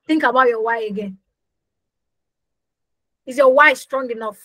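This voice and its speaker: A woman's voice: a little high, measured pace, long pauses, pushed and bright, no echo, low-quality recording. A young woman coaching a live online business class, emphatic, repeating her phrases and asking the audience questions. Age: young adult. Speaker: business coach hosting a workshop.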